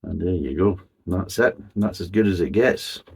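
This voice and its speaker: A man's voice: low voice, normal speed, vocal fry, darkish tone, husky. A middle-aged man reviewing a beer in a chatty, rambling way, swearing casually as he goes.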